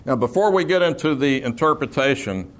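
A man's voice: medium pitch, expressive, brisk, a bit bright. A man preaching an expository sermon, explaining terms patiently, repeating key words and slipping in dry humor. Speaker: preacher teaching scripture.

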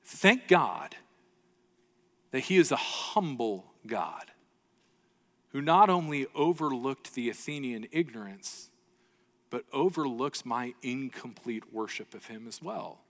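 A man's voice: mid-range voice, lively intonation, slow, a bit bright. A man preaching a sermon as pastor, earnest and storytelling, often checking in with the congregation. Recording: long reverb of a large hall.

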